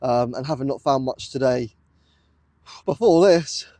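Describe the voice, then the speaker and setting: In a muddy field in the United Kingdom, a metal detecting vlogger speaks breathlessly and in awe to his viewers, repeating his excited exclamations. His voice is mid-range and mellow at a measured pace, and the tripod-mounted camera gives a dry recording.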